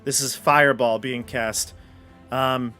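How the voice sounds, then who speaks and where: A man running a tabletop game as game master, narrating the scene in a relaxed way and often restarting his sentences. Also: medium pitch, slow pace, faint music behind.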